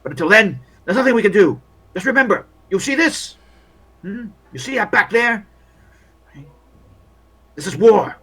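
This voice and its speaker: A man's voice: high-pitched, big pitch swings, normal speed, pauses often, pushed and bright, slightly rough, voice pushed up, full character voice. A man voicing a weary, bitter male army officer at a field hospital, who grumbles and then bursts out in complaints. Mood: exasperated. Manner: bitter, complaining, with rising outbursts.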